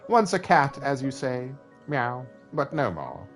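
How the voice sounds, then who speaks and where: A man's voice: mid-range voice, sing-song, a little slow, faint music behind, voice pushed up. A man voicing a vain male cat spirit from a video game who brags about himself and tacks meows onto his lines. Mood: boastful.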